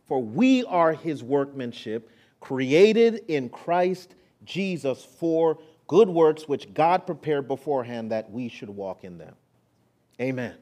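A male pastor preaching a sermon, moving between hushed, intimate lines and rising, emphatic ones. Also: fairly high pitch, lively intonation, slow.

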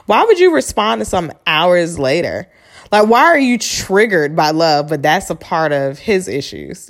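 A woman hosting a podcast, telling a personal story in a candid, emphatic and profane casual monologue. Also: lowish voice. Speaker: podcast host.

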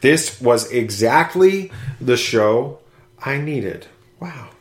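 Lively man hosting a podcast, echoey room. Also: medium pitch, takes it slowly, heavy background noise. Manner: animated, whoops and jokes while reading aloud. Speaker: podcast host. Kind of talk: casual chat, reading listener reviews.

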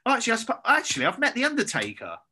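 A man's voice: very high-pitched, wildly swooping pitch, very fast, pushed and bright, slight background noise. A man, a personal trainer guesting on a podcast, sweary and hesitant with lots of ums. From England. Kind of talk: casual podcast chat.

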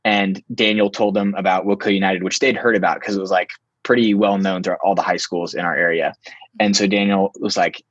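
Young man, casual storytelling, husky low voice, dry dull lo-fi sound. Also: a little fast, no echo. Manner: animated, filler-heavy, lots of "like".

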